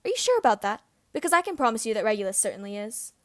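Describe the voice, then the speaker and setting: A woman's voice: fairly high pitch, sing-song, rapid-fire, a bit bright. A woman voicing a spiteful, sneering teenage boy wizard in an amateur audiobook reading. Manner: sneering, mocking.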